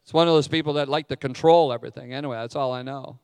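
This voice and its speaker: A man's voice: mid-range voice, fairly even intonation, fast, darkish tone, clear, resonant tone. A middle-aged man preaching a sermon as a pastor, candid and self-deprecating in his asides. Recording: long hall reverb.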